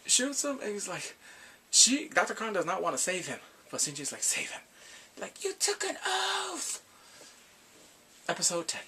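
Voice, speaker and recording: A man casually recapping drama episodes in a rambling, excitable way, gasping and laughing as he goes. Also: sits high, fairly quick, slight background noise. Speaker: drama reviewer.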